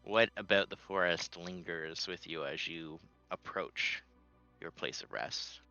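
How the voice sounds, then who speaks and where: A man narrating a tabletop role-playing game as game master, lively and laughing often, with dull lo-fi audio. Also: sits low, unhurried, clean tone, faint music behind.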